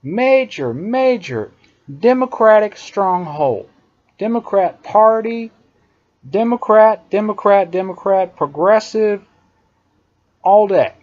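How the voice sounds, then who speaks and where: A man's voice: high voice, expressive, slow pace. A man delivering an emphatic, indignant opinion monologue, hammering his points by repeating phrases. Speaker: political commentator. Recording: dull lo-fi recording.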